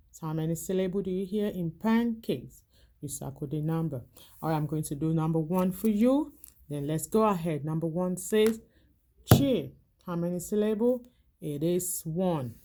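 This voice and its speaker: Mellow woman teacher calling out words. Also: low voice, a little hiss or hum. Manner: calls out each word loudly and slowly, then quietly asks how many syllables. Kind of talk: language arts lesson for young children.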